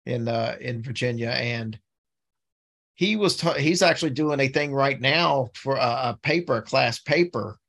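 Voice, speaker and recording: A man's voice: medium pitch, unhurried, gravelly, a bit bright. Easygoing man hosting a podcast. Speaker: podcast host. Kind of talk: casual interview.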